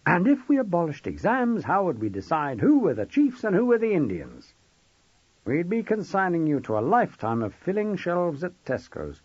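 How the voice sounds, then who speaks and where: A man's voice: sits high, huge pitch swings, normal speed, a little mellow, husky, no room sound, voice pushed up, exaggerated voice. A man reading an audiobook, voicing a witty, commanding middle-aged schoolmaster who lectures with sardonic, theatrical flair. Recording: dull dry close recording.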